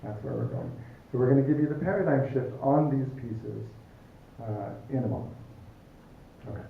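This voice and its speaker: Male workshop presenter, gravelly and teasing, in a tinny, echoey room recording. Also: medium pitch, expressive, moderate pace, a little hiss or hum. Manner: playful, teasing. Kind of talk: relationship workshop talk.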